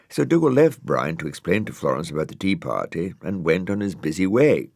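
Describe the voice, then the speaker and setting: Man, storybook narrator, very low voice, lively intonation, wry, gentle. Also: fairly quick, vocal fry, few pauses, dry recording, clean studio sound.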